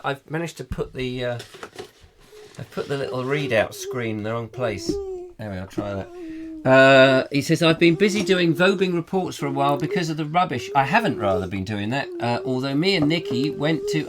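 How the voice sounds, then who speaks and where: A man with a sore, croaky throat, co-hosting a comic live chat show, rambling playfully as he reads out viewer comments. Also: mid-range voice. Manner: rambling, playful and absent-minded. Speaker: co-host. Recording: live stream with clear background noise.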